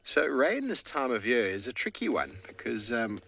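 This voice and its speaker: A man guiding a live safari drive from an open vehicle in the rain, explaining the wildlife in a relaxed way with fillers. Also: medium pitch, normal speed, vocal fry, slight background noise. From South Africa. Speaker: safari field guide. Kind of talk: live game drive commentary.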